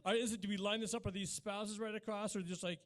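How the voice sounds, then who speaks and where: A man's voice: high-pitched, steady tone, fast. A man in his forties from Utah doing live stand-up comedy on a small cafe stage, chatting with the crowd and riffing in a mock-incredulous way. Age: 40s.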